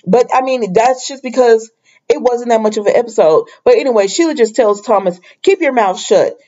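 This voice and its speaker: A woman's voice: fairly high pitch, fairly quick, warm tone, dull audio. Chatty woman recapping a soap. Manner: chatty, exasperated asides to viewers. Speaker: soap opera reviewer. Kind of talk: casual episode recap.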